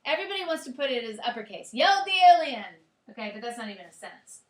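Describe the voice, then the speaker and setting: Woman teacher lecturing a class; high, bright voice in a roomy, echoing classroom. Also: sing-song, rapid-fire, noisy background. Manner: explanatory, checks in with students. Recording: echoey classroom.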